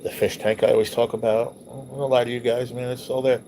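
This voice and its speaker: A man's voice: medium pitch, flat delivery, fast talker, creaky, dark tone, a little hiss or hum. A man hosting a livestream, reminiscing casually over old photos in a loose, rambling, profane way. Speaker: livestream host.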